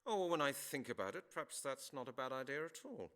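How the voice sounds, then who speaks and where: A man's voice: mid-range voice, expressive, fast, a bit bright, natural voice. An actor playing a formal, courteous male police detective. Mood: polite. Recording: game audio with faint music.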